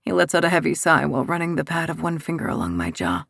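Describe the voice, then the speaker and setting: Woman narrating in a soft, gravelly voice. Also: deep voice, sing-song, quick pace, dry recording, studio quality. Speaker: audiobook narrator. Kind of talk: first-person romance narration.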